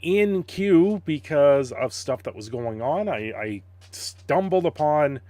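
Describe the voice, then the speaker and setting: Laid-back man streaming, slow drawl. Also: on the high side, expressive, dark tone, no room sound. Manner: laughs often, chats with viewers and his dog. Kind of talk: casual live stream chat. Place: home.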